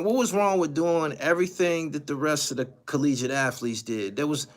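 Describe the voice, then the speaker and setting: A man's voice: on the high side, normal speed, few pauses. A man hosting a livestream, giving profane, ranting commentary and repeating his lines for emphasis. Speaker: channel host.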